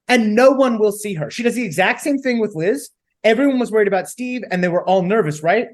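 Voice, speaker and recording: A woman's voice: mid-range voice, fairly quick. A young woman co-hosting a podcast, discussing a book and reading its quotes aloud with feeling. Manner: thoughtful, reads quotes aloud in lively voices. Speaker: podcast co-host. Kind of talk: casual book-club chat.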